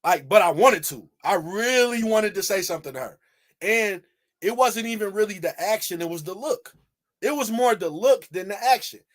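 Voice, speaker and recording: A man with a high, light voice talks straight to his viewers in loose reaction commentary. He gets animated, fires the same rhetorical question again and again, and swears freely. He is from Michigan. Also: moderate pace. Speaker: video commentator.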